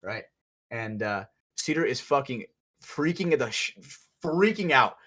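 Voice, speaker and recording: Profane animated man telling stories. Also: medium pitch, measured pace. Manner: profane, animated storyteller who acts out quotes loudly. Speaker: podcast co-host, paintball player. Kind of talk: casual storytelling chat.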